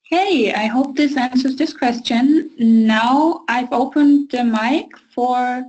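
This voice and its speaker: A woman's voice: sits high, takes it slowly, a little mellow, rough recording. A woman with a German accent moderating a webinar, reading out audience questions in a friendly, apologetic way.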